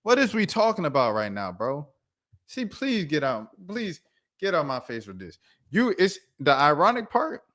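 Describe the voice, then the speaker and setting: Animated man ranting about sports. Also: fairly high pitch, moderate pace. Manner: animated, reads quotes flatly then rants loudly. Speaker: sports commentary host. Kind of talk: casual sports commentary vlog.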